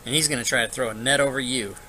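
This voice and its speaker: Casual, bright-voiced man running a game. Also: medium pitch, fairly even intonation, very fast, a little hiss or hum, rough recording. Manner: casual, thinking aloud with frequent filler. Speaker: dungeon master. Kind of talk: narrating a tabletop game online.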